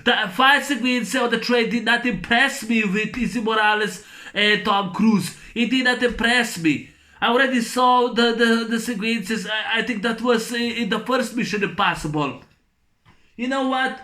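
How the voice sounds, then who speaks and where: Man, film reviewer, high pitch, bright tone, rambling repetitive rant, swears a lot. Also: normal speed. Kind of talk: casual spoken video review.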